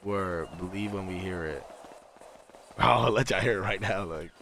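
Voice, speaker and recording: A young man live-streaming a game, chatting casually and excitably to his viewers in heavy slang. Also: low voice, a little fast, slight background noise. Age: young adult. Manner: slangy, excitable, talks straight to chat. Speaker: livestreamer. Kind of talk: casual live-stream chat over gameplay.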